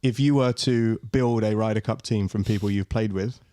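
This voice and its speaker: A man's voice: on the low side, steady tone, normal speed, mellow, no echo. A man hosting a golf podcast, asking questions with many fillers. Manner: hesitant, filler-heavy questions. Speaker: podcast host. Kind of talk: casual chat.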